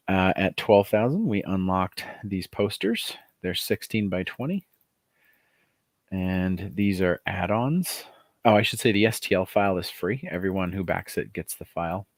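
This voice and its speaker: Gravelly low-voiced man chatting on livestream. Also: no room sound, clean studio sound. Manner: chatty and excited, many fillers, greets viewers. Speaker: author running a crowdfunding livestream. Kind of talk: casual livestream chat.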